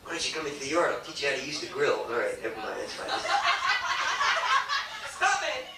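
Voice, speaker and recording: A man's voice: medium pitch, huge pitch swings, a little fast. A man emceeing in a comedy club, doing crude, rambling, self-mocking stand-up that jumps between bits. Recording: echoey club, heard from far off, faint hiss.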